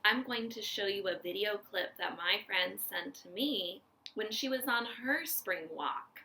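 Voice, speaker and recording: Slow, gentle woman reading to children. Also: mid-range voice, noisy background. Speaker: teacher reading aloud. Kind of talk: children's read-aloud and nature talk.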